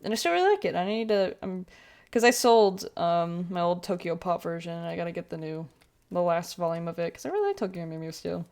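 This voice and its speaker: Chatty young woman with a low voice. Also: lively intonation, a little fast, vocal fry, darkish tone. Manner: rambling and chatty, with many fillers and self-corrections. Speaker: streamer. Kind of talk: casual chat while drawing on a livestream.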